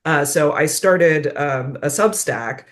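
A woman's voice: deep voice, slow pace. A woman guesting on a podcast, talking casually with many fillers and easy laughs. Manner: chatty, filler-heavy, laughs easily. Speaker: podcast guest, game designer. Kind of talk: casual interview chat.

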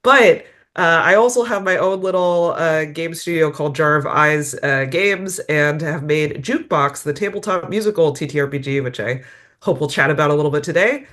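A woman's voice: low-pitched, moderate pace, a bit bright. A woman guesting on a podcast, talking casually with many fillers and easy laughs. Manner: chatty, filler-heavy, laughs easily. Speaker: podcast guest, game designer. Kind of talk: casual interview chat.

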